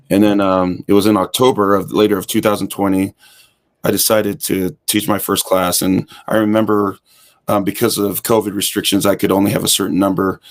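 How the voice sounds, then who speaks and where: Low gravelly guy telling his story on an interview show, acts out the quotes as he goes. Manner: animated storyteller who acts out quoted dialogue. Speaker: guest, hip hop fitness instructor.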